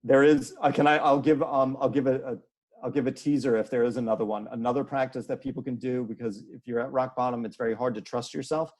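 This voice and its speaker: A man speaking as an interview guest, earnest and halting, often restarting his sentences. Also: medium pitch, fairly even intonation, darkish tone. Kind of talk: casual interview conversation.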